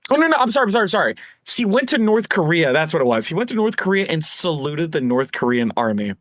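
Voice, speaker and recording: Animated ranting man, dry close mic. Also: on the high side, fast talker, no echo. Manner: animated, profane, mimics politicians. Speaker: podcast co-host. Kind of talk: casual political rant. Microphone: home microphone.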